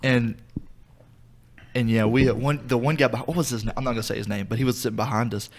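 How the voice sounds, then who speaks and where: A man hosting a podcast, chatting casually, joking and reacting quickly. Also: medium pitch, fairly even intonation. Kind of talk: casual chat.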